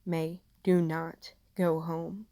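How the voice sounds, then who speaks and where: A woman's voice: low-pitched, level tone, extremely slow, mellow, no echo, exaggerated voice. A woman voicing a firm, protective young waitress who speaks urgently.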